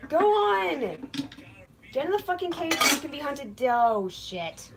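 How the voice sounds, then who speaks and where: A woman on a casual live stream swears and stammers, restarting her sentences as she frustratedly chases loose crickets back into a cage. Her voice is high and sing-song at a moderate pace, with heavy background noise.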